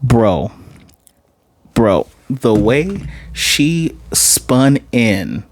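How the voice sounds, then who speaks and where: A man casually recapping and reviewing an anime episode, excitable and animated, often jumping into high-pitched voices to retell scenes. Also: very slow, no room sound. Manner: excitable, laughing reactions, restarts.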